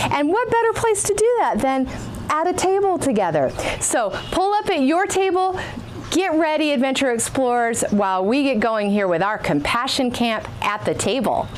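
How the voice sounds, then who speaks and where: A woman pastor giving a playful, animated message to children at a camp. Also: sits high, a little hiss or hum. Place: outdoors in the shade.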